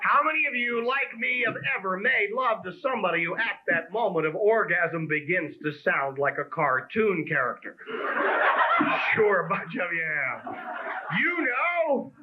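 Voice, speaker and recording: Stand-up comic, man from Pennsylvania, high and animated, lo-fi club recording. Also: measured pace. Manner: conversational, teasing the crowd, punchy delivery. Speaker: stand-up comedian. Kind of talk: stand-up comedy set. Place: comedy club stage. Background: audience laughter.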